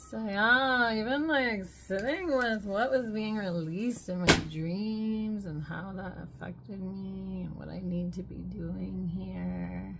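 A young woman talking to camera in a casual, reflective spiritual vlog, rambling with lots of "like" and sometimes dropping to a soft whisper. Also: medium pitch, fairly even intonation, takes it slowly, creaky, slight background noise. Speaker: spiritual vlogger.

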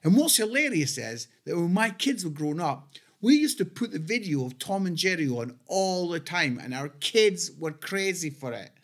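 A middle-aged man from Scotland with a Scottish accent, telling humorous stories in a relaxed church talk. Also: high-pitched, moderate pace. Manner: chatty, humorous, animated storytelling. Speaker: church speaker. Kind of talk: storytelling sermon talk. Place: church online broadcast.

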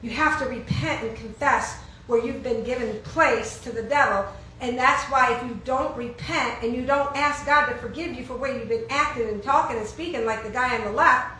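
A woman's voice: a little high, pushed and bright, slight background noise. A woman preaching an informal sermon, asking the congregation questions and answering them with emphasis. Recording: echoey room, heard from far off.

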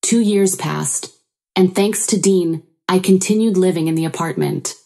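An older woman narrating her own story in the first person, in a calm, even reading voice. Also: on the low side, measured pace, soft background music.

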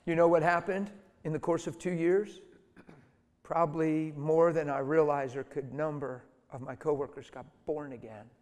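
A middle-aged man preaching a sermon through stories, dropping to hushed tones and then rising to loud, emphatic lines. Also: on the high side, fairly even intonation, moderate pace. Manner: storytelling, swings from soft and hushed to loud and emphatic. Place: church hall. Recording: reverberant hall.

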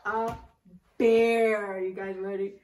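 A woman leading a preschool circle-time lesson, with an encouraging sing-song manner, speaking slowly and clearly to young children. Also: fairly high pitch, reverberant, recorded from a distance, poor audio. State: out of breath. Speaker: preschool teacher.

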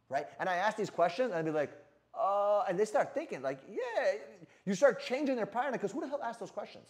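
A man giving an energetic sales coaching talk in a brash manner, swearing freely and often asking "right?". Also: high voice, fairly quick. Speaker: sales trainer.

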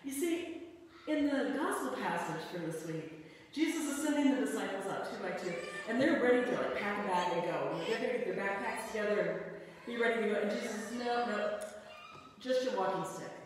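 A woman pastor giving a sermon, telling a personal story in a conversational, animated way. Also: mid-range voice, fairly quick, slight background noise. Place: church sanctuary. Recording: echoey church hall from far off.

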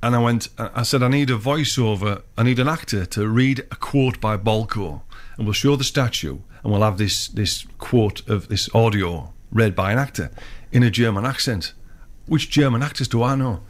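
A man's voice: medium pitch, moderate pace, few pauses. A man, a filmmaker guest telling long, rambling anecdotes in casual chat. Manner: rambling storyteller, many restarts.

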